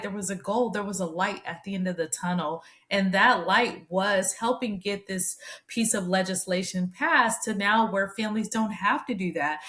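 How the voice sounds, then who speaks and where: A woman's voice: mid-range voice, a bit bright. A woman guest telling her story emphatically, repeating phrases for weight. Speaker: guest, military family advocate. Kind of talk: interview storytelling.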